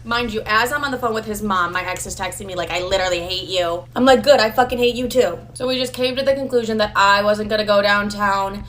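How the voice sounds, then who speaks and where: A woman's voice: medium pitch, fast talker, hardly any pauses, a bit bright. A young woman telling a casual, chatty story full of swearing and "like".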